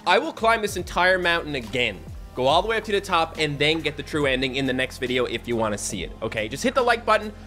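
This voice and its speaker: A man's voice: fairly high pitch, very animated, quick pace, sharp tone, soft background music. A man giving gameplay commentary, self-mocking and chatty, talking to himself and his viewers. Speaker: gaming YouTuber.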